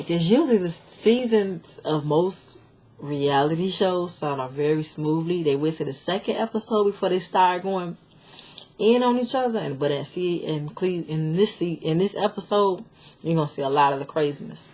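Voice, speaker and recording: Woman, low-pitched voice, casual recap, chatty, sassy, blunt, lots of fillers. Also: expressive, moderate pace, darkish tone. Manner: chatty, opinionated, many fillers and restarts. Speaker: show recap vlogger. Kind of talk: casual reality-show recap.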